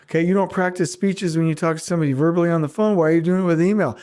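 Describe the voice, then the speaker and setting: A middle-aged man hosting a podcast alone, talking casually and teasing his listeners with quick asides. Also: a little high, fairly even intonation, a little mellow. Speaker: podcast host. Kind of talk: casual solo podcast monologue.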